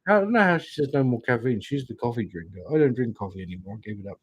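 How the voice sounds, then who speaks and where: Man from England, husky, dry close sound, tarot reader, slow musing, chatty asides. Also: mid-range voice, lively intonation, no room sound, rough recording. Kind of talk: livestream tarot reading chat.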